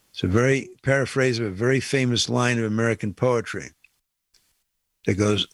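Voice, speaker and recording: A man hosting a talk radio show, giving emphatic political commentary and slowing down to stress key lines. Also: medium pitch, no room sound.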